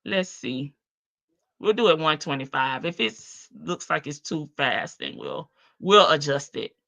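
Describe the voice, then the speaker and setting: Woman, Southern accent, livestream host, bright voice, casual chatty delivery, reads comments aloud. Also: sits low, vocal fry. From American South. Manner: chatty, animated, drawn-out Southern phrasing. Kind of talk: casual live-stream chat reading comments.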